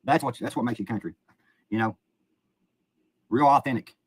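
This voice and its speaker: A man's voice: medium pitch, moderate pace, breathy edge, no room sound. Profane, rambling Kentucky man, dry sound. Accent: Appalachian Kentucky. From Eastern Kentucky, USA. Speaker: livestreamer. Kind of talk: casual livestream chat. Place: outdoors by a river.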